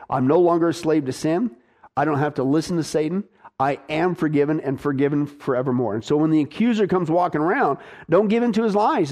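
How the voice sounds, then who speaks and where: A man preaching a sermon, emphatic and exhorting, urging his listeners on and dropping low for weight. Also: a little mellow.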